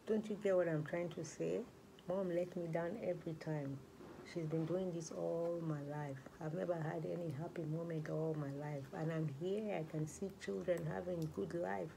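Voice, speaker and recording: A woman's voice: fairly low pitch, vocal fry, dark tone, slight background noise, rough recording. A young woman playing a hopeless fourteen-year-old girl in a group home, bitter and pleading, in a student role-play scene. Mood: weary. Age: young adult.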